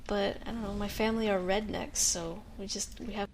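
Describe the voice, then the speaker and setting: An American woman co-hosting a game stream, chatting loosely with a wry, teasing edge. Her pitch sits in a middle range for a woman. A faint hiss runs under her voice. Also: fairly even intonation, fairly quick. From northern United States. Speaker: co-host of a gaming stream. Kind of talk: casual chat while playing a game.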